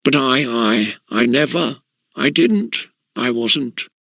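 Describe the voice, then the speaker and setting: A man's voice: mid-range voice, animated, slow, creaky, fairly bright tone, no echo, studio quality, exaggerated voice. A man voicing a fat, whining schoolboy who stammers and pleads.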